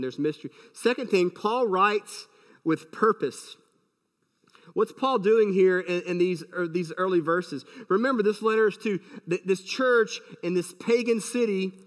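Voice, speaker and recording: Male pastor mid-sermon, emphatic, high-pitched, with a long reverberant hall tail. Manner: emphatic, many rhetorical questions.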